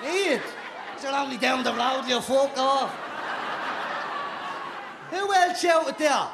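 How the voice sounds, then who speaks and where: A man's voice: extremely high pitch, animated, slow pace, gravelly. A young man with a Dublin accent, co-hosting a live podcast show and trading cheeky, sweary banter with the audience. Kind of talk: live stage banter with crowd. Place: live venue before an audience. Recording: echoey venue, noisy crowd.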